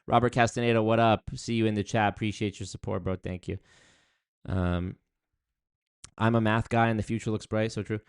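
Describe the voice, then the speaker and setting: A young man with a lowish voice talks casually to his livestream audience. He rambles through viewer comments, restarting sentences and leaning on fillers as he goes. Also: flat delivery, fairly quick, clean tone, no echo, clean studio sound. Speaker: streamer reading chat.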